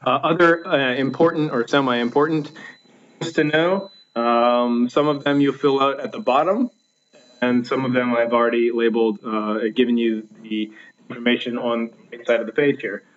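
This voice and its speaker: A man teaching a recorded lesson over slides, counting out stresses slowly, with frequent fillers and restarts. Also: medium pitch, fairly even intonation, muffled recording.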